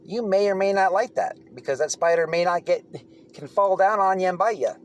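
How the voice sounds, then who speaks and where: A man's voice: high voice, fairly quick. A man telling stories from prison in a casual, blunt monologue, swearing freely and often restarting his sentences. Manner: blunt, profane, rambling with restarts.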